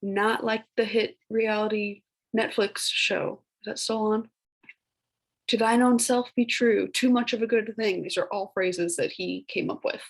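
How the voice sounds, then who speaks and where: A young woman teacher talks her class through a recorded lesson, loose and chatty, full of filler words. Her voice has a husky, slightly breathy grain at a middle pitch. Now and then she slips into playful, mock-fancy voices. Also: fairly even intonation, unhurried, poor audio. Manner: casual, chatty, many "like" fillers; puts on playful voices for old phrases.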